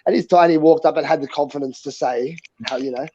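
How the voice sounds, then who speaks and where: A man's voice: fairly high pitch, fast, mellow, slight background noise. An Australian man co-hosting a casual podcast, blunt and profane, telling stories with quoted dialogue. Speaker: co-host. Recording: dull lo-fi audio.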